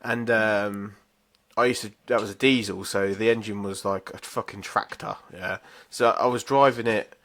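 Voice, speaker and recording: A man co-hosting a casual podcast, telling stories bluntly with plenty of swearing. His voice sits fairly low, with a bright, forceful edge. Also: fairly even intonation, normal speed. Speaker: podcast co-host. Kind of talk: casual chat.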